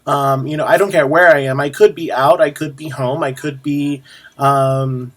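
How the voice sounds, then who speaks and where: Speaking directly to camera for a drag performer's video diary, a man rambles chattily, pausing and restarting often with plenty of ums. His voice sits a bit high with fairly even intonation, and his asides carry a sassy edge.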